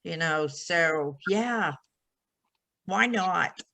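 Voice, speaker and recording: A woman speaks very slowly and thoughtfully in a casual podcast chat. Her tone is bright, and she keeps affirming what the others say. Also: lowish voice, expressive, gravelly, no echo, rough recording. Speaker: podcast guest.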